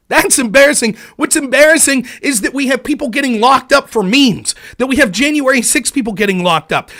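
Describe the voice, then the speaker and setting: A man's voice: very high voice, sharp tone. A man hosting a political commentary show, ranting in an angry, sarcastic and profane way.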